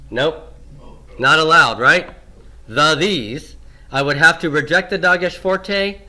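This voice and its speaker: Slow, bright-voiced man teaching grammar. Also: a little high. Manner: asks questions and answers them himself, repeats key forms. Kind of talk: classroom lecture.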